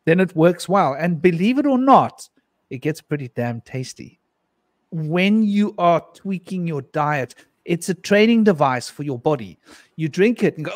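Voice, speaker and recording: A middle-aged man tells a loose, rambling personal story to a live panel, chuckling between lines and slipping into voices for what others said. His voice sits a touch high for a man. The sound is close and dry. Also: no echo. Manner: rambling, laughs often, acts out quotes. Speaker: panel guest.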